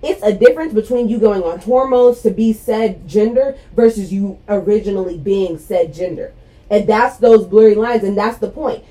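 A woman arguing her point in a casual group debate, halting and restarting often. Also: medium pitch, mellow, poor audio. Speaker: discussion participant.

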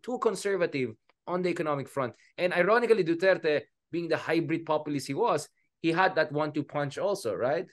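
A man's voice: on the high side, fairly quick. A man with a Filipino accent in casual political discussion, switching between Filipino and English and calling his co-host "bro". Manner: animated, mixes Filipino and English, says "bro".

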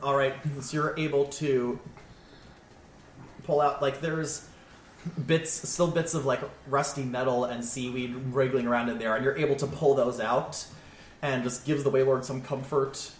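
A man running a tabletop game as game master, casual and halting. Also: mid-range voice, flat delivery. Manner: casual, halting, laughs often. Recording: echoey room, faint noise.

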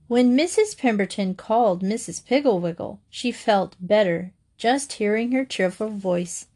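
A woman narrating a children's storybook aloud in a gentle, even manner. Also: mid-range voice, measured pace, few pauses.

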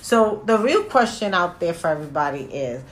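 A woman co-hosting a podcast, chatting casually and telling stories in an animated way, laughing often. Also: lowish voice, normal speed. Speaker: podcast co-host. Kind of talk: casual chat. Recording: echoey room, faint noise.

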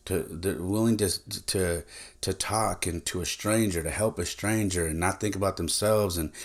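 Man, very low voice, casual podcast monologue, direct and chatty, lots of ums and restarts. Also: normal speed. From San Jose, California. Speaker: podcast host.

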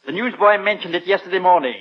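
An actor playing a prim English butler with dry wit, speaking formally and deferentially in a radio sitcom. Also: male voice, high voice, fast, close to an everyday voice. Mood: polite, sly. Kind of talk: 1940s radio sitcom acting. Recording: muffled old radio recording, faint hiss.

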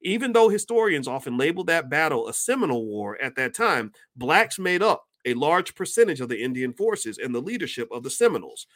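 A man reading passages from a book aloud and breaking off into animated commentary, sometimes stumbling over words. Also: a little high, a little fast, hardly any pauses. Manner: reads passages then breaks off into animated asides.

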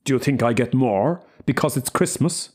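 A man's voice: medium pitch, animated, moderate pace, a little mellow, husky. A man voicing an angry, truculent working-class father who snaps and snarls, his voice raised above his usual reading.

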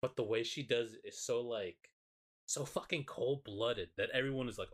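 A man, a podcast co-host, excitedly and profanely retelling a show in casual chat. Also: mid-range voice, moderate pace.

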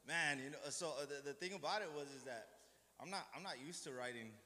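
A man's voice: a little high, brisk, bright, forceful tone, a little hiss or hum. Rambling man preaching in an echoey hall. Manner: rambling, self-deprecating, many restarts. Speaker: lay preacher. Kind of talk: informal sermon. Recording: echoey hall with long reverb.

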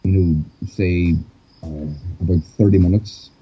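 A man's voice: low voice, steady tone, unhurried, husky. An Irish man chatting casually over a call, rambling with lots of fillers. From Ireland. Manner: rambling, hesitant, many fillers. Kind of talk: casual chat. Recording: dull lo-fi call audio.

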